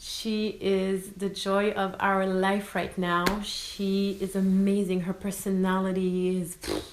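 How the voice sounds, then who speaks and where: Speaking slowly in a medium-pitched voice, this vlogger from France talks casually and expressively to her followers as a mom, dropping in French words along the way. She's in her thirties with a French accent, and the rough recording sounds roomy with slight background noise.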